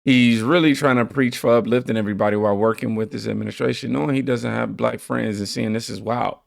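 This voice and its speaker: A man's voice: mid-range voice, fairly even intonation, quick pace, vocal fry, no room sound, clean studio sound. A man hosting a reaction channel, laid-back, reading viewer comments aloud and riffing on them.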